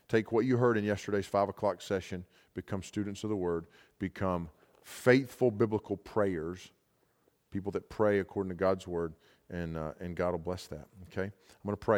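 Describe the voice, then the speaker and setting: Male pastor, very low voice, loose rambling sermon delivery, long hall echo. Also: moderate pace, darkish tone. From United States. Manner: casual, rambling, with many fillers and restarts. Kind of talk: storytelling sermon. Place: large hall at a camp session.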